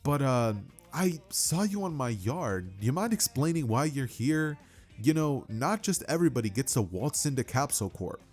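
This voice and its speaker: A brash, bossy woman inventor who scolds bluntly but kindly, her voice husky and lively in pitch, as a man puts her on in a fan story. She talks straight and cuts people off. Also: normal speed, faint music behind.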